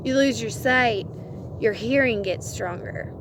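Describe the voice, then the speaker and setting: Slow-talking woman vlogger, laughs often. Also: on the high side, noisy background. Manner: earnest, laughs often between phrases. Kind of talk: casual advice vlog.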